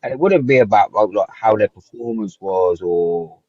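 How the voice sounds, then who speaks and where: A man as a guest, telling stories in a lively casual way and acting out what others said. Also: fairly low pitch, normal speed, dry recording, highs cut off. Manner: animated storytelling, acts out quotes, frequent "like". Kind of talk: casual reminiscing chat.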